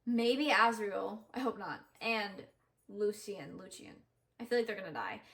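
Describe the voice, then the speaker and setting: A woman's voice: mid-range voice, expressive, normal speed, fairly bright tone. A young woman vlogger chatting casually about a book she is listening to, rambling with lots of fillers and self-corrections. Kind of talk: casual reading vlog chat. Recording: background music under the voice.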